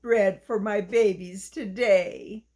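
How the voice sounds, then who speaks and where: A woman's voice: medium pitch, steady tone, slow pace, darkish tone, pitched below the performer's own voice, close to an everyday voice. A woman voicing a tired, hardworking mother hen in a children's story, speaking patiently.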